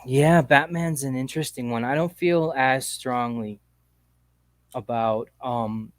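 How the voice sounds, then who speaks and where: A man hosting a casual call-in chat show, talking in a relaxed, slangy, rambling way. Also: medium pitch, slow pace, no echo. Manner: laid-back, slangy, rambling. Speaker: podcast host.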